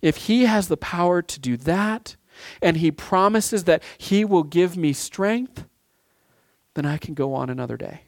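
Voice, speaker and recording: Male pastor in his 30s, slightly high voice, chatty sermon delivery, dry close recording. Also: lively intonation, measured pace, dry recording. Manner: conversational, with frequent "right?" asides and restarts.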